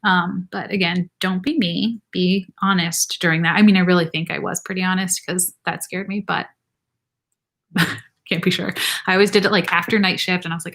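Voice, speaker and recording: Young woman nurse doing a live q&a, lowish voice but bright, laughs a lot, says like constantly. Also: fairly even intonation, normal speed. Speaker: nurse practitioner host. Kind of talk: casual live Q&A.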